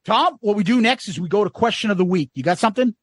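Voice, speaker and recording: A man's voice: high-pitched, animated, fast, dry recording. A man co-hosting a podcast in casual chat, blunt and rambling, swearing freely. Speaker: podcast co-host.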